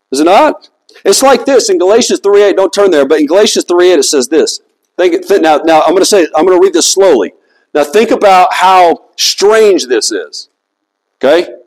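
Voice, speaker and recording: A man's voice: sits high, rough recording. A man preaching a sermon in a conversational, emphatic way, asking his listeners rhetorical questions. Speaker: pastor.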